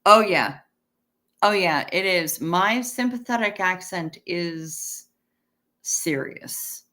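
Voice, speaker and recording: Woman, 50s, livestream host. Unhurried, bright voice; casual, salty, chatty with viewers. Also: fairly low pitch. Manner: chatty and profane, thanks viewers. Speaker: livestream host reading chat. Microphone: webcam stream setup.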